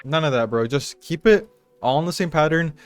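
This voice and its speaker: A man's voice: fairly high pitch, animated, fairly quick, dry recording, faint music behind. A young man hosting a casual beat-making tutorial, talking in a rambling, profane, slangy hype way. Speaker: music producer tutorial host. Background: trap beats playing.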